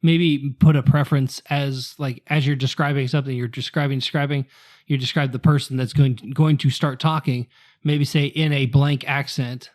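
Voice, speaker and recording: A man's voice: mid-range voice, level tone, moderate pace, a little mellow. A man co-hosting a casual podcast chat, thinking aloud and repeating words as he works out his point. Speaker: podcast co-host.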